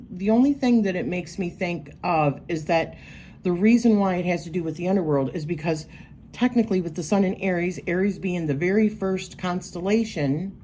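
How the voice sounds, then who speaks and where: A woman's voice: on the low side, dark tone, a little hiss or hum. A woman giving a casual, rambling walkthrough of her astrology journal pages, thinking aloud with lots of fillers. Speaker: tarot and astrology creator.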